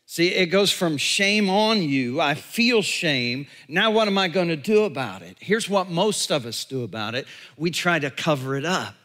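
A male pastor delivering a sermon, animated storytelling that drops to hushed tones. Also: on the high side, normal speed, hardly any pauses.

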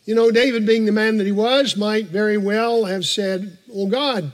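A male pastor delivers a morning sermon in a church sanctuary, earnest and emphatic, repeating key phrases and turning aside to chat casually with the congregation. His voice is high-pitched and steady at normal speed, with the long reverb of a large church hall.

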